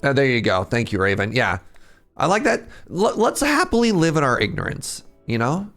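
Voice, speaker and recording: A man's voice: mid-range voice, wildly swooping pitch, moderate pace, fairly bright tone. A young adult man casually live-streaming a game, chatting with his viewers, reading out their names and laughing often. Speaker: streamer playing an incremental game. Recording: faint game music underneath.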